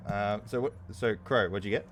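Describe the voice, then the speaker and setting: A man's voice: on the low side, normal speed, a bit bright, slight background noise. A man narrating as game master, hesitant and apologetic at times.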